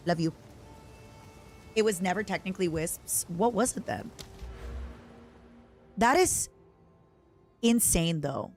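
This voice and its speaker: A woman's voice: fairly low pitch, animated, slow, long pauses, faint music behind. A woman streamer in casual chat, teasing and rambling playfully at a desk mic.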